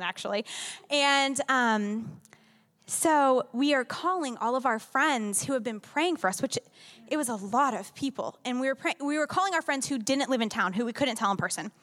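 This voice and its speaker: Young woman, higher voice, candid church testimony, long hall reverb. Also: fairly bright tone. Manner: candid, conversational, emotional storytelling with many "like"s. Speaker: church member giving testimony. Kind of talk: personal testimony to a congregation.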